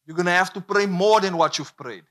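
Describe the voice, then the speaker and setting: A man's voice: sits high, a little fast, a bit bright. A man preaching a sermon, emphatic and repetitive, drawing call-and-response from the congregation.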